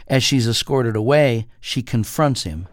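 A man reviewing a television drama for a radio show, measured and enthusiastic. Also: medium pitch, no echo. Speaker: TV critic. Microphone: studio mic.

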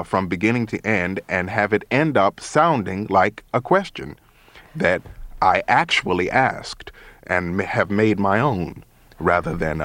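A man in his thirties from Chicago, an actor speaking as a guest in a radio interview, thoughtful and measured, with frequent pauses and ums. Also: lowish voice, fairly bright tone, no echo. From Chicago, USA. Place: radio studio. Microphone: studio mic.

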